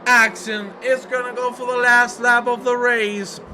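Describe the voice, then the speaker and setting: A man giving excitable, emotional commentary on a sim racing stream, breaking into exclamations. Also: very high-pitched, measured pace. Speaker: race commentator. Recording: noisy with engine sounds behind. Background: racing car engines.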